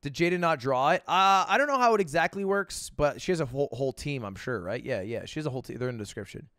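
A man's voice: medium pitch, lively intonation, fast talker, a bit bright, no echo, studio quality. A man in his twenties giving casual, rambling reaction commentary, laughing and packing his talk with fillers. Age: 20s. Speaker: streamer reacting to a video.

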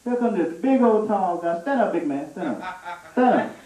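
High-voiced preacher in an echoey church. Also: male voice, moderate pace. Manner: animated, laughing through a comic story. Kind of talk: storytelling sermon. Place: church sanctuary. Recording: echoey church room, mic at a distance.

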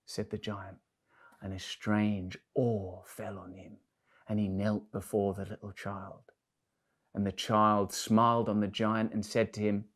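A man reading a children's fairy tale aloud as a storyteller, with an expressive, varied delivery. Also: fairly low pitch, measured pace.

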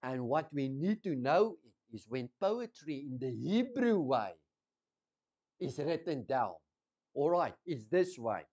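A man preaching a sermon, teaching slowly, repeating key words and asking the congregation questions. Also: a little high, sing-song, a little mellow, muffled recording.

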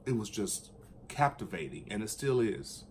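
A man chatting casually and enthusiastically about his record collection, at times singing along in a high falsetto. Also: big pitch swings, normal speed, a little mellow, a little hiss or hum. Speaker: vinyl collector vlogger. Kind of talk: casual chat.

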